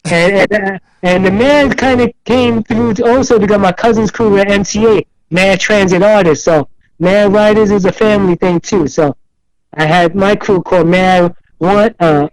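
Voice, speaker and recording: Sitting high and unhurried, the voice belongs to an older man from New York City appearing as a guest in a relaxed interview. He spins meandering, lively tales, mimicking other speakers' quoted lines. The low-quality recording has no echo.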